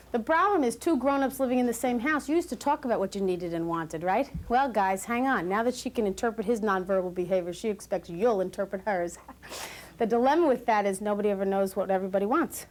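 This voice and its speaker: A woman giving a lively, joking lecture to new parents as a parenting class instructor. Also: medium pitch, brisk.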